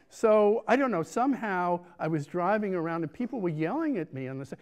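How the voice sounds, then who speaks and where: A man's voice: sits high, expressive, normal speed, smooth. An American man giving a keynote talk, telling a self-deprecating story with lots of restarts and acted-out voices. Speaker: keynote speaker.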